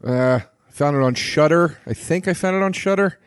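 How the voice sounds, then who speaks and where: A man's voice: on the high side, normal speed, smooth, no echo, studio quality. A man co-hosting a podcast who talks about movies in a rambling, blunt and sarcastic way. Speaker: podcast co-host. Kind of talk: casual chat about movies.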